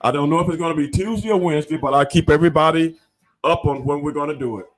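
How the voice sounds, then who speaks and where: A man's voice: a little high, fast talker. A man hosting a podcast in casual interview chat, talking in an emphatic, repetitive, slangy way. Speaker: podcast host.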